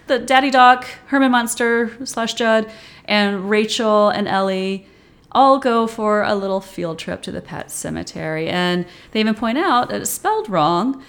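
A woman co-hosting a podcast, chatting casually about a horror film and laughing often. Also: mid-range voice. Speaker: podcast co-host.

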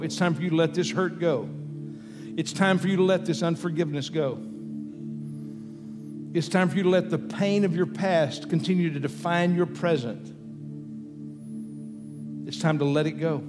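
A man with a notably high voice delivers a sermon in an easy, conversational manner, driving points home by repeating phrases. His voice rings out through a large hall with long reverb, and faint music plays underneath. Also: steady tone, moderate pace, long pauses. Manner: conversational preaching, repetitive emphatic phrasing. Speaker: preacher.

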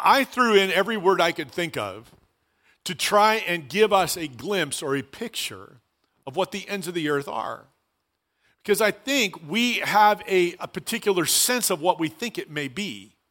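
A man preaching a sermon as pastor, earnest and conversational with animated asides. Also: high-pitched, moderate pace.

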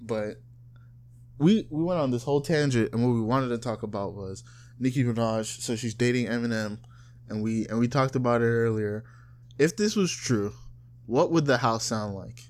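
A man from South Florida co-hosting a casual chat, loose and profane, often mocking people in high put-on voices. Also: moderate pace, a little mellow. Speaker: podcast co-host.

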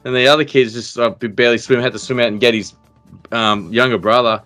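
A man's voice: mid-range voice, steady tone, fast talker, pushed and bright, soft background music. An Australian man hosting a casual podcast chat, telling stories with many restarts and fillers. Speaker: podcast host.

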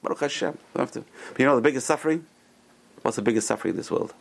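A man teaching a Torah class in a rapid, gravelly voice. He tells stories with enthusiasm and keeps breaking into exclamations. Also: mid-range voice. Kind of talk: classroom Torah lecture with storytelling.

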